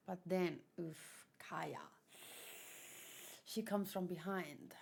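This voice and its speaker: A woman casually reading a manga aloud and commenting in soft, murmured asides. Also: lowish voice, very slow, creaky, long pauses, husky. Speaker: manga reader. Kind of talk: casual read-along commentary.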